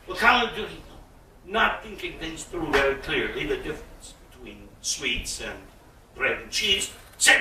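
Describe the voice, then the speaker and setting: A man telling a bawdy comic tale to a live audience in a playful, drawn-out way. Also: fairly high pitch, animated, background noise. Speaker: storyteller. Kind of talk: live storytelling performance. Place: live concert venue. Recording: roomy echo, mic at a distance.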